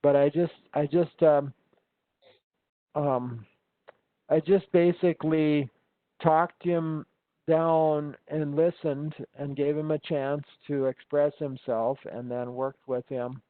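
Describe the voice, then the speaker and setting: A man with a slightly raised pitch talks casually over a tinny, phone-like call. He rambles through his stories, full of ums and false starts. The sound is dry and close, with no room around it. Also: fairly even intonation, takes it slowly, no echo. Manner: rambling storyteller, many ums and restarts. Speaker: instructor. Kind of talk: casual conversation.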